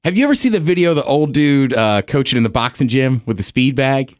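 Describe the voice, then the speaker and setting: Male co-host, relaxed encouraging chat, lively voice, dry close recording. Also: medium pitch, fast talker, no room sound. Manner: easygoing, encouraging, says "right?" often. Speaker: podcast co-host. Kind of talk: casual chat.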